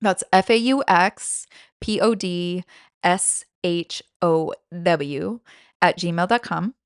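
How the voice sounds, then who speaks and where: A woman's voice: on the low side, slow pace, clean tone, no room sound, studio quality. A woman hosting a comedy podcast in casual, profane chat, telling a self-mocking story with big swings in energy. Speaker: podcast host.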